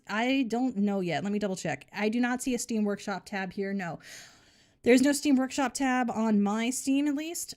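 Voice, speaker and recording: A woman's voice: mid-range voice, darkish tone. A woman streaming a game live, chatting casually in a joking, rambling, mock-boastful way.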